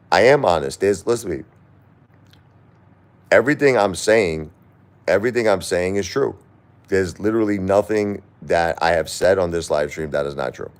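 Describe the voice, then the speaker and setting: A middle-aged man on a live stream, talking through grief and reading viewer comments, halting and repeating himself, at times crying. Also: low-pitched, clean tone. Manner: halting, repeats words, grief-stricken and pleading. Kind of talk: emotional live-stream talk.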